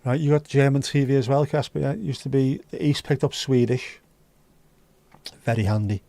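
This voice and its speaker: A man's voice: mid-range voice, fairly even intonation, moderate pace, vocal fry, dark tone, no echo. A man hosting a livestream, chatting casually and reading out viewer comments with rambling, dry joking asides. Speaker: livestream host.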